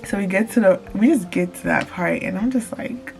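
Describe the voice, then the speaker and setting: Excited woman vlogger with gravelly edges. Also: medium pitch, normal speed, hardly any pauses, faint music behind. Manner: excited, animated, addresses viewers as y'all. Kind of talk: casual storytime to camera.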